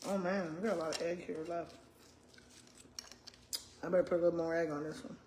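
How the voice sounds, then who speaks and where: This woman in her sixties, once a school principal, talks chattily to y'all as she eats, humming and murmuring while she chews. She speaks on the low side with a steady tone, a little fast and a little mellow, over slight background noise.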